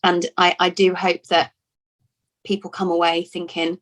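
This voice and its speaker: A woman's voice: on the low side, flat delivery, measured pace. A woman from Lincoln in England, an actress talking in a casual interview, chatty and full of restarts and repeated words. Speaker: actor being interviewed.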